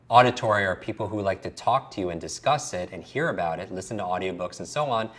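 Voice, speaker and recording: A man's voice: on the low side, fairly bright tone. A man teaching a recorded memory lesson as a coach, drilling letter sounds aloud and asking the listener to say them along with him.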